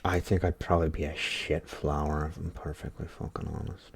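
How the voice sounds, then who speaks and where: A man's voice: extremely low pitch, flat delivery, brisk, breathy edge. An Irish man hosting a casual ASMR ramble into a desk microphone at home, swearing constantly and joking wryly. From Ireland. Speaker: ASMR channel host. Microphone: Blue Yeti desk microphone.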